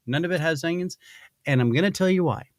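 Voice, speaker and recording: A male podcast host with a fairly high voice talks fast while reading a sponsor spot in casual chat, heard on a dry recording. He is rambling and playful, interrupting himself with many restarts.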